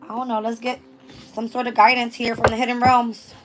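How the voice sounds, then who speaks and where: A slightly high-pitched woman doing a casual tarot reading, her voice hoarse and wearing thin. She alternates between reading passages aloud and loose, chatty asides. Soft music plays faintly behind her. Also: little pitch movement, a little fast. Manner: reads passages aloud then riffs casually, swears. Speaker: tarot reader.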